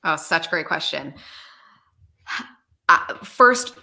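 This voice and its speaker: Bright-voiced woman chatting animatedly. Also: deep voice, slow, gravelly. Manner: animated, laughs often, many fillers. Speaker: guest, experience designer. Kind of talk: casual video call conversation. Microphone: video call.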